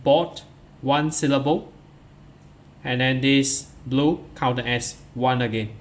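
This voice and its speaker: A male teacher speaking slowly and patiently to a class of pupils as he goes through workbook answers. His pitch sits in an ordinary middle range, and he counts each item aloud at an unhurried pace. A faint hiss stays under the voice. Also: fairly even intonation. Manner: methodical, counts syllables aloud step by step; addresses pupils directly, starts many lines with "so". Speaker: English teacher.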